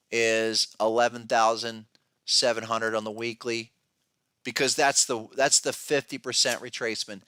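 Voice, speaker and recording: A man hosting a podcast talks through his market views in a bright, edgy voice. He speaks emphatically and restlessly, breaking off and restarting his sentences. The sound is close and dry, with no room around it. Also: mid-range voice, clean tone, no echo. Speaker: podcast host, trading educator. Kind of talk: casual podcast commentary.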